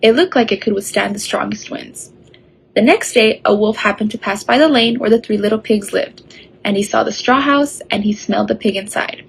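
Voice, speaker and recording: A woman reading a children's story aloud in a steady storytelling way. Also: mid-range voice, normal speed, creaky, slightly rough, low-quality recording. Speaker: story reader.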